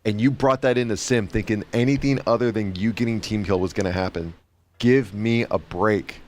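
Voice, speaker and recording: A man's voice: fairly low pitch, steady tone, fast. A man chatting casually on a game stream, rambling and repeating himself with chuckling asides. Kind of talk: casual livestream commentary.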